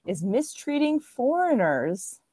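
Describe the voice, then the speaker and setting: A woman co-hosting a casual podcast, talking in a relaxed, rambling way with lots of ums. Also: on the high side, slow pace, husky, dry recording, studio quality. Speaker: podcast co-host. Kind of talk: casual chat.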